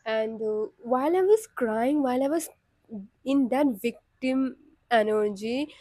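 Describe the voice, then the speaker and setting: A woman's voice: sits high, unhurried, dark tone, dry recording. A woman, talking candidly and reflectively in a casual vlog, with frequent fillers. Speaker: vlogger.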